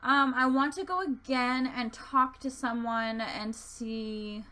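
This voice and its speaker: Woman vlogging at home, kinda high bright voice, rambly with lots of ums and likes. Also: fairly even intonation, slow pace. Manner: rambling, chatty, hesitant with many fillers. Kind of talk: casual vlog chat. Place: at home near her desk.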